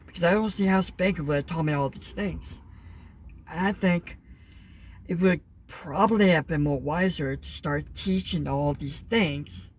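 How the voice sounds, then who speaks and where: A man's voice: on the high side, unhurried, a little hiss or hum. A young man talking earnestly in a casual monologue, rambling with many fillers and restarts. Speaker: vlogger.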